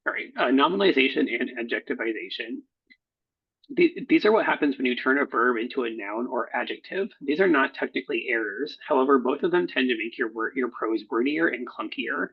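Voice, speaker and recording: A man who edits research proposals, talking through slides in a recorded workshop, halting often with fillers and self-corrections. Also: mid-range voice, animated, vocal fry, husky. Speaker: proposal editor. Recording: dull lo-fi recording.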